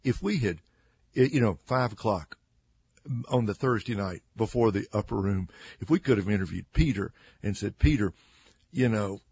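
Man, low husky gravelly voice, earnest bible teaching, muffled lo-fi audio. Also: normal speed. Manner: earnest, acts out quoted speakers with lively emphasis. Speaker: Christian author and radio guest.

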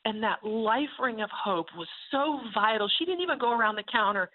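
A woman who runs a ranch ministry, telling a faith testimony in an animated way and acting out the voices of the people in her story. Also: a little high, fairly quick, hardly any pauses. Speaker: ranch ministry leader and speaker. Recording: tinny phone-like sound.

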